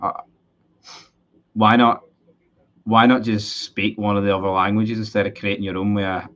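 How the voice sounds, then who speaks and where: A Scottish man with a fairly low voice talks through a live football match for his stream, swearing at his team and answering viewers in the chat. His audio is dull and lo-fi, like a cheap streaming setup. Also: flat delivery, quick pace, fairly bright tone. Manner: frustrated, sweary, chatty with viewers. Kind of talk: live match watchalong commentary.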